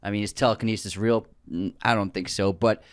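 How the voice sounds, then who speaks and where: A man's voice: on the low side, fairly even intonation, brisk, smooth, no room sound, studio quality. A man co-hosting a podcast in casual chat, earnest and thinking aloud with frequent restarts. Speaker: podcast co-host.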